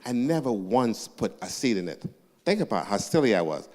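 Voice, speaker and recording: A man representing a university, answering audience questions live in a church, lively and joking, teasing the crowd. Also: fairly low pitch, moderate pace. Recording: echoey church hall.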